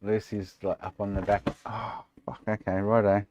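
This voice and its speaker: A man's voice: lowish voice, flat delivery, moderate pace, a little mellow, lo-fi sound, a little hiss or hum. An Australian man chatting casually and sarcastically with viewers on a live stream, swearing freely. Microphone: desk microphone.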